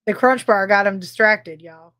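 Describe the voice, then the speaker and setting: A woman's voice: mid-range voice, normal speed, a bit bright. A woman co-hosting a casual livestream podcast, bubbly and rambling, laughing often as she chats and greets viewers. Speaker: podcast co-host.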